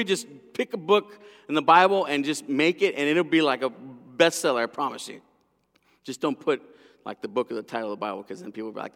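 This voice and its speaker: A middle-aged man preaching a sermon as a pastor, an animated storyteller whose lively delivery drops to hushed intensity. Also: medium pitch, quick pace, creaky. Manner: animated storyteller, acting out voices. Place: large church hall. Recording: long hall reverb.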